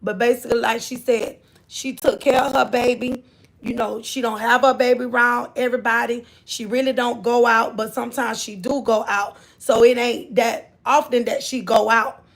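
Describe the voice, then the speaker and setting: A woman's voice: on the high side, steady tone, normal speed, gravelly. A woman hosting a casual livestream, rambling through a story and chatting with her viewers as she goes. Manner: rambling, repeats herself, chats with viewers. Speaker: livestream host.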